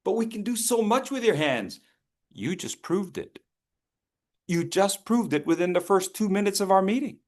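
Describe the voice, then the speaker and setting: Fifties guy running a speaking workshop on a video call, upbeat, kinda high voice, cheering folks on by name. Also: big pitch swings, moderate pace. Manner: playful, encouraging, calls on people by name. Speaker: public speaking workshop presenter. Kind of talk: lively interactive workshop coaching.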